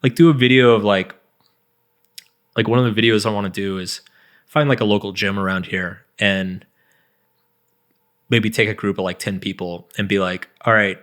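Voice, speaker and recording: A man's voice: lowish voice, fairly even intonation, normal speed, long pauses, a bit bright. A man in his thirties, a guest author on an interview podcast, talking in a loose, rambling way full of "like" and restarts. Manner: rambling, heavy use of "like", frequent restarts. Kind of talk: casual interview chat.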